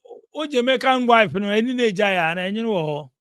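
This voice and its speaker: A man's voice: high-pitched, expressive, fairly quick, fairly bright tone, clear, resonant tone, dry recording, studio quality. A man interviewing a guest, mostly giving short reactions and prompts. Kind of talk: casual interview.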